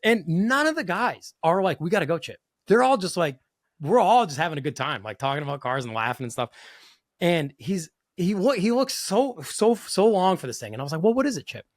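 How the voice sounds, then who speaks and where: A man spins a casual anecdote as a guest. His voice sits a little high and swings widely in pitch. He laughs easily and leans on "like", recorded dry and close. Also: a little fast, no echo. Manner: animated, laughing, full of "like" fillers. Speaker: car builder guest. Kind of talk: casual storytelling.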